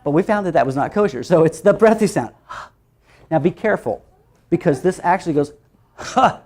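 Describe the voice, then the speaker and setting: Animated woman teaching phonics sounds. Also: low-pitched. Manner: animated, playful, demonstrates sounds aloud, laughs often. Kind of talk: workshop teaching demonstration.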